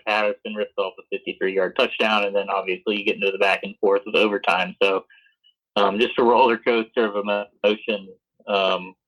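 Low-voiced man, halting sports chat. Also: fairly bright tone, low-quality recording. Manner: halting, many fillers. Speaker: podcast co-host.

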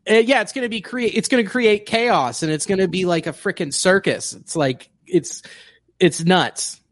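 Male guest, slightly high voice, relaxed and easygoing, dry close sound. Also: moderate pace, no echo. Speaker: podcast guest. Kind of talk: casual chat.

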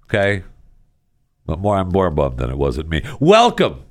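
A man hosting a podcast, telling news stories in casual solo commentary with a sarcastic, animated manner. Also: normal speed, no echo, studio quality. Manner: sarcastic, animated storytelling with big pitch jumps. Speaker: podcast host.

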